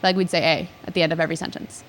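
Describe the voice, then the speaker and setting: A woman's voice: fairly low pitch, little pitch movement, very fast. A young adult woman from Canada with a southern Ontario accent, a comedian chatting confidently on a podcast, laughing easily. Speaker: guest comedian. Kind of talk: casual podcast chat. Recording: faint background noise.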